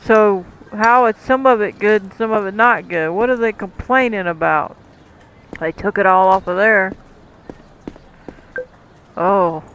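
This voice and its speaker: A gameplay commentator with a high, slightly bright voice chats casually while playing a cooking game, talking to the game's customers and chuckling often. He's unhurried and pauses often, and the poor audio carries a little hiss or hum.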